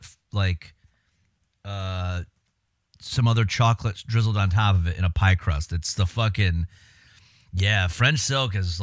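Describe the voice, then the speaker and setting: Laid-back low-voiced male streamer. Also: no room sound, studio quality. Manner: laid-back, swears often, talks while eating. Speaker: livestreamer. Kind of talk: casual livestream chat.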